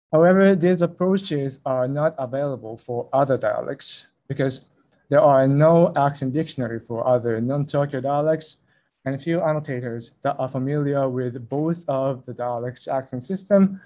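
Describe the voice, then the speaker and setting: A young man walks his listeners through his research at an online conference. His voice is mellow and relaxed, with a careful, slightly hesitant delivery that stays close to the middle of his range, heard through a video call microphone. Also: medium pitch. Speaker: conference presenter. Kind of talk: academic talk over a video call.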